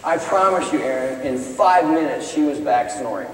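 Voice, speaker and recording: A middle-aged man from Iowa, a business professor speaking in chapel, telling a story with urgent bursts and hushed stretches. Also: mid-range voice, animated, moderate pace, slight background noise. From Iowa, United States. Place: large chapel hall. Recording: echoey hall, voice from far off.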